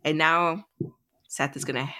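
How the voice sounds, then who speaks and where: A woman's voice: low-pitched, fairly even intonation, measured pace, bright, forceful tone. A woman co-hosting a casual book podcast, talking animatedly and acting out characters' lines. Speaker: podcast co-host.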